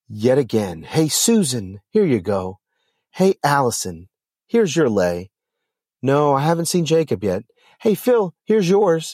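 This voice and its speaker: A man hosting a podcast and narrating a story in an expressive, dramatic manner. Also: lowish voice, no room sound, studio quality. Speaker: podcast host.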